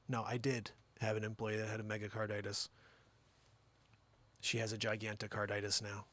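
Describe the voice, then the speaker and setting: A man's voice: on the low side, completely flat delivery, normal speed, pauses often, fairly bright tone, no echo. A man hosting a comedic monologue, rambling and teasing as he jokes. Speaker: host.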